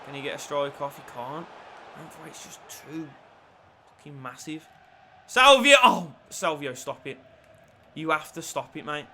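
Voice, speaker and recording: Lively bright-voiced man commentating a football game. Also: normal speed, a little hiss or hum. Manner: lively, swings from low mutters to shouted celebrations. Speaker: gaming YouTuber.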